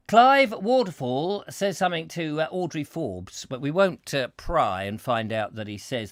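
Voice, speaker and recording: A man telling rambling comic stories with a lively, sing-song voice that leaps up and down. His tone is bright and cutting, sitting a little high for a man. The sound is dry and close. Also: moderate pace, dry recording. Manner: playful, punning, slips into silly voices. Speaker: host. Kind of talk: comic rambling chat show monologue.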